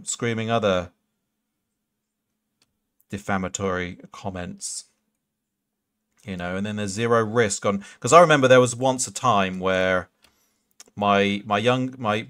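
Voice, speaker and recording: A man with a voice on the low side and a fairly bright tone streams a game live. He keeps things casual and swears freely, rambling as he answers questions from viewers.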